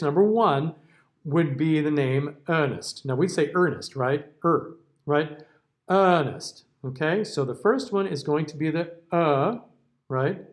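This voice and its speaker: An American man with a slightly high voice walks a class through vowel sounds in a recorded lecture. He keeps it relaxed and conversational, modeling words aloud and tagging on "okay?" as he goes. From United States. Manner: casual, checks in with frequent "okay?". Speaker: diction teacher.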